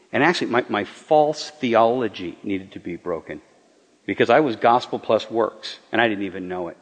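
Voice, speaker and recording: A pastor delivers a personal sermon testimony, earnest and confessional, often halting and repeating himself as he searches for words. His voice rings out with a long reverb tail in a large church hall. The recording is somewhat muffled and lo-fi. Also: mid-range voice.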